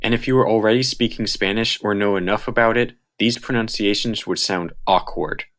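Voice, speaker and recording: Man, American accent, fairly low voice, scripted explainer narration, careful and measured. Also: steady tone, a bit bright. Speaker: channel host.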